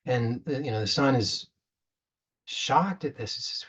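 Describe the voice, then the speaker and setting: A man's voice: medium pitch, unhurried, pauses often, a bit bright, breathy edge, dull audio. A man giving a spiritual talk as a coach, earnest, often repeating words and restarting as he retells a parable.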